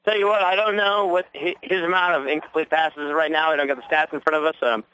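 A man's voice: fairly high pitch, steady tone, quick pace, sharp tone, low-quality recording. A man giving color commentary on a local radio broadcast of a ball game, easygoing and analytical as he breaks down the plays.

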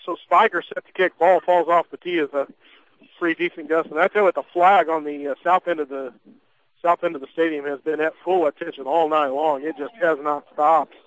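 A man doing play-by-play commentary of a high school football game for local radio, chatty and folksy, with frequent fillers and restarts. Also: fairly even intonation, brisk, a bit bright, rough recording. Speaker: play-by-play announcer.

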